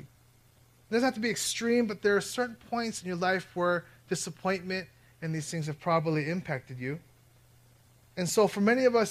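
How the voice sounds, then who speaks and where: A man delivers a sermon to a gathered audience in a fairly high voice. He drops to a hush for serious points, then gets loud and jokes with the crowd while telling stories. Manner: conversational, joking asides to the crowd; swings between hushed and loud. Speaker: preacher. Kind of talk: sermon with personal storytelling. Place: before a live audience.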